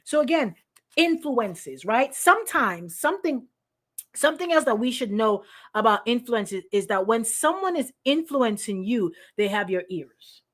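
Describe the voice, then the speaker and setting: A woman pastor with a high voice talks her way through a sermon as if chatting with friends. She is animated and lively, calls out to people in the room by name, and keeps stopping and restarting her sentences. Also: unhurried. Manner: animated, lively, acts out quoted voices, addresses congregants by name; frequent restarts and repetitions. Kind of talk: conversational sermon.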